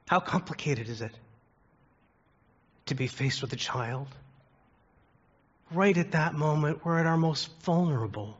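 A man's voice: on the high side, animated, a little slow, long pauses, breathy edge. A man preaching a sermon, telling stories and asking the congregation earnest questions. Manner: earnest storytelling with rhetorical questions. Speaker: pastor. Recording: dull lo-fi recording.

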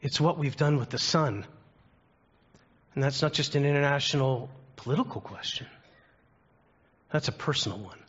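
A man preaching a sermon, telling stories and asking the congregation earnest questions. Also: medium pitch. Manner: earnest storytelling with rhetorical questions. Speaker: pastor. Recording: dull lo-fi recording.

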